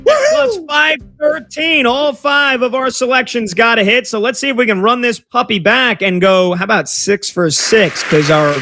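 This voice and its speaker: A man's voice: sits high, normal speed, hardly any pauses, pushed and bright, faint music behind. A man hosting a sports radio show, chatty and rambling, with lots of fillers. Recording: dry studio sound.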